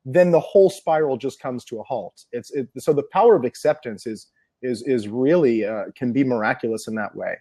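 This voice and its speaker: A man's voice: medium pitch, animated, brisk, warm tone. A man being interviewed as an NLP trainer, explaining ideas earnestly and piling up examples.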